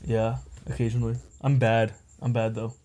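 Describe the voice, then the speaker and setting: A man's voice: medium pitch, flat delivery, moderate pace, warm tone, a little hiss or hum. A young man on a podcast telling a long personal story in casual chat, rambling and packed with filler words. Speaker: podcast co-host.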